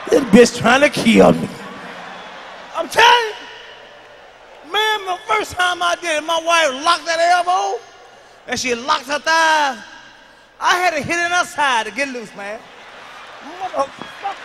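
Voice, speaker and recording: A man doing a profane stand-up routine, dropping from mumbled asides to shouted punchlines, in a large live venue. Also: very high-pitched, animated, unhurried, long pauses. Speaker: stand-up comedian. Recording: long hall reverb, faint noise.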